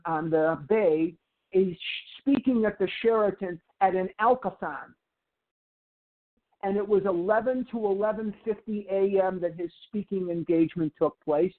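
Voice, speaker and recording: An older man giving an inspirational recovery talk, telling a story with slow, emphatic, drawn-out phrases. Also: sits high. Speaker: recovery program speaker. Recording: tinny phone-like audio.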